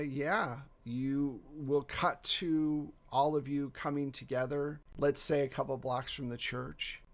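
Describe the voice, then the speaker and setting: Slow-talking man running a tabletop game. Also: mid-range voice. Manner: relaxed and joking, with frequent fillers and laughs. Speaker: game master. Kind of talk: narrating a tabletop horror game.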